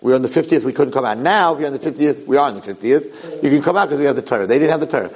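A man's voice: medium pitch, rapid-fire, rough recording. A man giving a Torah lecture, telling stories and acting out the voices in them. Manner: animated storytelling, acting out voices. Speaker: rabbi lecturer.

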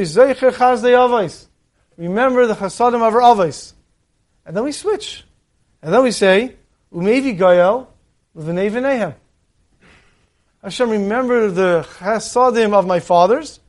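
High-voiced man telling a Torah story. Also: a little slow, pauses often. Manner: animated storytelling, acts out the voices in the stories. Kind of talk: Torah talk with stories.

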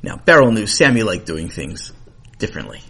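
Animated, husky male storyteller. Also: fairly low pitch, a little fast. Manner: animated, playful asides. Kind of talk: children's story narration.

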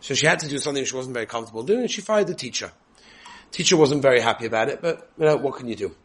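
Animated male lecturer. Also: medium pitch, racing. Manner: animated storytelling, acting out quoted voices. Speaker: yeshiva lecturer. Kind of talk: Torah lecture to students.

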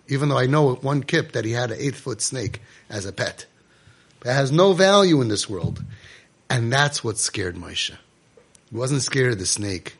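A man's voice: mid-range voice, a bit bright, slightly rough. A man giving an impassioned Torah sermon to parents, emphatic and repetitive as a speaker and guide.

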